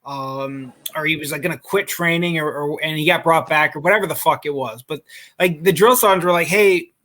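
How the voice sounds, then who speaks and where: A man with a high, bright voice hosting a casual podcast chat. He swears freely and tells rambling army stories. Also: a little fast. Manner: swears a lot, storytelling. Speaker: podcast host.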